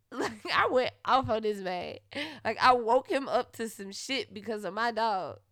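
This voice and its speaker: This is a woman hosting her own podcast, telling a story in a candid monologue. She is blunt and profane, with a slightly high voice. The sound is dry and close, with no room echo. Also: normal speed. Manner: blunt and profane, swings into loud heated retellings. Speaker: podcast host.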